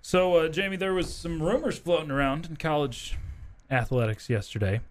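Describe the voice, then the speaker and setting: A man's voice: on the high side, normal speed. Chatty male sports talk host. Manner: chatty, leads the talk with questions. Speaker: fill-in sports radio host. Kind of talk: morning sports talk show chat.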